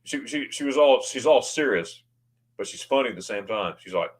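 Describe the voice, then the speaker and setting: Man, livestream host, casual chat, rambling, reads comments, desk mic, mid pitch. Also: lively intonation, moderate pace. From United States. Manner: chatty, rambling, reads viewer comments aloud. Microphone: new desk microphone.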